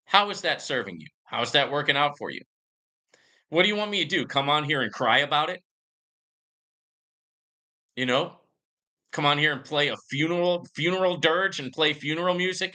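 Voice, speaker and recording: A man's voice: on the high side, pushed and bright. A man hosting his own channel, talking to viewers in casual, joking commentary full of comical voice inflections. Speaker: YouTube channel host.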